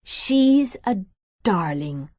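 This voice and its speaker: A woman's voice: mid-range voice, sing-song, drawn-out words, a little mellow, no echo, full character voice. A woman voicing a cheerful Irish man with a hearty Irish accent. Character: jovial Irish man, archaeologist.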